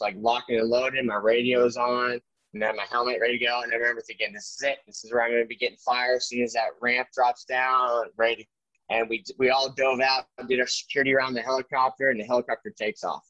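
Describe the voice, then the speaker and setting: A man, an army veteran, telling war stories in a casual interview, animated and full of fillers and restarts. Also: medium pitch, no room sound. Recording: dry, dull lo-fi sound.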